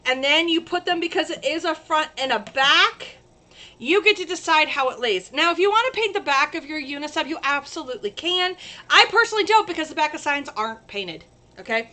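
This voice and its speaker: Bubbly, bright-voiced woman crafter. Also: high-pitched, fairly quick. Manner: gushing, excitable, chatty. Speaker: crafting livestream host. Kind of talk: casual crafting livestream.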